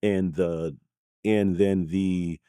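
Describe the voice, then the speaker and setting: A man's voice: sits low, fairly even intonation, extremely slow, mellow, clean tone, no echo, clean studio sound. A man in his thirties from Brooklyn, talking earnestly as a podcast guest and often checking in with "right?" and "you know". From Brooklyn, New York. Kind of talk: conversational interview. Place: recording studio.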